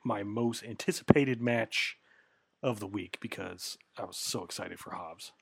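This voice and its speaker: A man's voice: on the low side, normal speed, vocal fry, breathy edge, dry recording. Easygoing man agreeing in casual chat. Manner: relaxed, agreeable, many fillers. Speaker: podcast co-host.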